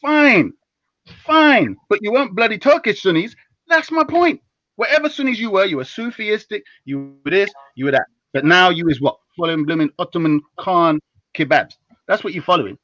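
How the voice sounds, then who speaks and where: A young man is holding forth on a live stream in slangy, teasing banter, his voice bright and a touch high. He jumps from loud bursts to low asides. The sound is dry and a little dull, like lo-fi stream audio. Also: no echo. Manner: animated, teasing, slangy, rapid switches between loud and low.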